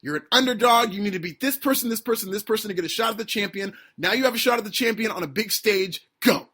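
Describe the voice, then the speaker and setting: A man hosting a podcast, delivering an opinionated, sarcastic solo rant that climbs toward near-shouting. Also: high-pitched, fast, husky. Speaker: podcast host.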